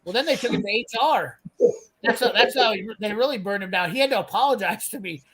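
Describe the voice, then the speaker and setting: Blunt, high-voiced swearing man. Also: fast talker, over a noisy crowd, poor audio. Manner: profane, blunt, heated ranting. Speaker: host telling a work story. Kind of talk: casual storytelling chat.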